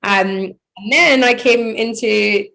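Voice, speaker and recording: Woman, thirties, DJ guest in an interview; loose, rambling and quick to laugh. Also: on the high side, gravelly, sharp tone. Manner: chatty, rambling, laughs often, many "like" fillers. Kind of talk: casual interview chat.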